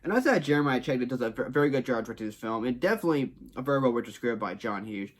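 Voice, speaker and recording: A Texan man reviews a movie casually while talking to camera, his medium-pitched voice lively and very fast. He rambles and repeats himself, restarting often and leaning on stock phrases, as a film reviewer.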